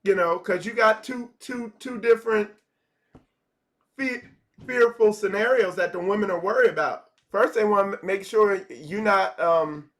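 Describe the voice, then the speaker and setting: High-voiced man teaching casually. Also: a little slow, fairly bright tone. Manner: conversational, repeats phrases, acts out dialogues. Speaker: spiritual teacher.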